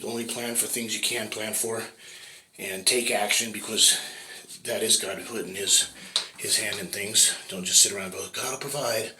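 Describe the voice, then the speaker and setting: A man's voice: on the low side, pushed and bright. A man vlogging in a casual, rambling way, swearing often and checking in with "right?". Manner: rambling, profane, keeps asking "right?". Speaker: fitness vlogger. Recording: echoey room with faint noise.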